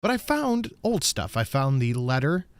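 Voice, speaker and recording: A man's voice: medium pitch, very animated, normal speed, no echo. A man hosting a podcast, telling a casual, rambling story with some swearing. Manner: laid-back storytelling, sweary. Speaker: podcast host. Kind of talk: casual chat.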